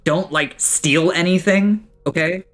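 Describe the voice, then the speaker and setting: A man's voice: on the high side, unhurried, pitched above the performer's own voice, close to an everyday voice. A game master voicing a rude, exasperated male dwarf mail courier, brusque and scornful in manner. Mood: earnest.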